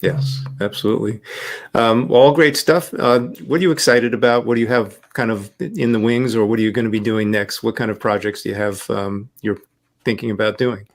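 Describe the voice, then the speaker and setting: A man hosts a podcast interview in a measured, affirming manner, his voice sitting slightly low. He pauses often with fillers as he gathers his thoughts. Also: steady tone. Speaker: podcast host. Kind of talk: interview conversation.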